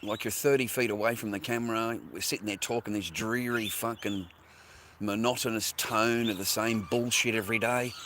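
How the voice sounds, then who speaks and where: A man's voice: on the low side, steady tone, normal speed, fairly bright tone, a little hiss or hum. A middle-aged Australian man rambling in a casual, profane monologue to camera outdoors by the water. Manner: profane, rambling, slangy, repeats himself. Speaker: vlogger.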